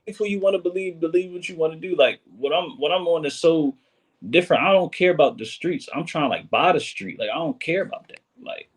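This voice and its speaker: A man speaking as a guest on a casual podcast, in a husky, mid-pitched voice. He talks earnestly and with emphasis, circling back to repeat his points. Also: quick pace.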